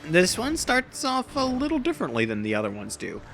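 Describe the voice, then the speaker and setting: A man's voice: high voice, wildly swooping pitch, a little fast, vocal fry, fairly bright tone, faint music behind. A man giving casual, rambling, self-deprecating let's play commentary over a video game. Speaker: gameplay commentator.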